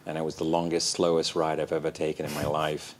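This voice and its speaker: A man, a guest in an interview, telling animated, self-deprecating stories and acting out the voices. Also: rumbling low, fast, a little hiss or hum. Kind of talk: anecdotal storytelling in an interview.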